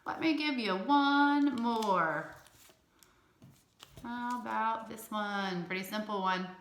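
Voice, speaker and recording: A woman teaching a recorded phonics lesson to young children, slowly sounding out each word in an encouraging teacher's tone. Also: on the high side, a bit bright. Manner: slow, clearly sounded-out words with an encouraging teacher's tone. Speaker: elementary school teacher. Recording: echoey room.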